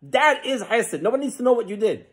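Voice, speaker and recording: A man's voice: fast, breathy edge. A man giving a sermon as a rabbi, telling stories and acting out the quoted lines. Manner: storytelling with lively acted quotes and frequent rises in pitch.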